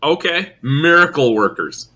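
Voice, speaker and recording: Bright lively man with wry quips. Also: a little high, unhurried. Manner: wry, short dry quips. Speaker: podcast co-host. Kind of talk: casual chat.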